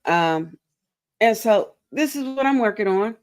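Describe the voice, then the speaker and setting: A woman's voice: medium pitch, animated, unhurried. Giggly, goofy woman hosting a crochet stream. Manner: bubbly and giggly, greets viewers warmly and reads chat aloud; goofy, playful, self-mocking. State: tired. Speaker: crochet livestream host. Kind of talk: casual livestream chat.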